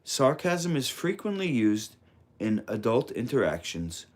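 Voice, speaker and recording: A man reading a parenting audiobook in a calm, measured, instructive way. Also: mid-range voice. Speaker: audiobook narrator. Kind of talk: scripted audiobook narration.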